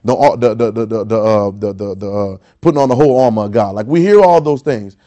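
Warm-voiced preacher exhorting a congregation. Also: male voice, fairly low pitch, fast talker. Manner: exhorting, calls for congregation responses; rising to loud emphatic peaks. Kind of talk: sermon.

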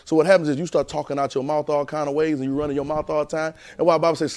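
A man preaches a sermon in an emphatic, repetitive style, swinging between shouts and quiet asides. He talks colloquially and keeps putting rhetorical questions to the congregation. His voice sits fairly high for a man. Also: level tone, very fast, no room sound.

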